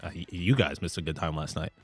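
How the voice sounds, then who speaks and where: A man's voice: low-pitched, fast talker, breathy edge, soft background music. A man co-hosting a sports podcast in casual chat, eager and self-deprecating. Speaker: podcast co-host.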